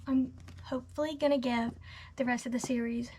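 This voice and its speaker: Eighteen-year-old woman, book vlogger, high bright voice, gushing casual chat that drops into breathy half-whispers. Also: fairly even intonation, fairly quick. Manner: gushing and chatty, full of "literally" and "like", trailing into soft half-whispers.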